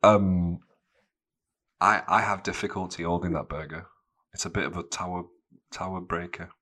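A man with a very deep, low voice hosts a podcast in relaxed, casual chat. He teases his guest and laughs often as he talks. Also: normal speed. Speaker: podcast host. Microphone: remote call mic.

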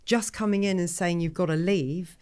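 A woman, a life coach, explaining things in a measured way during a podcast conversation. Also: on the low side, a little mellow, smooth.

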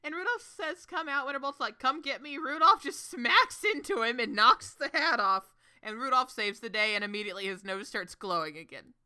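A woman co-hosting a casual movie-review chat, recapping the plot in an animated, playful way. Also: fairly high pitch, fairly quick, clear, resonant tone. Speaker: podcast co-host.

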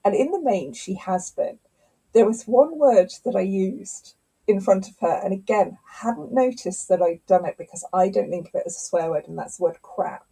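A middle-aged woman, a scientist and author, telling stories in a lively conversational interview. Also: medium pitch, moderate pace, slightly rough, low-quality recording. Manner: animated storyteller, acts out quotes.

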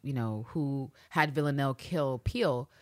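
A woman's voice: rumbling low, a little slow, no room sound, studio quality. A woman co-hosting a casual podcast recap, swearing freely and acting out quotes. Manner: profane, animated, acts out quotes. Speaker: podcast co-host.

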